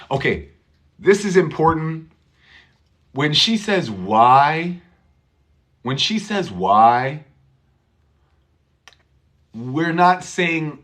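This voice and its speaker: A man's voice: lowish voice, fairly bright tone. A man teaching English pronunciation, who patiently repeats words and switches to Spanish for his learners.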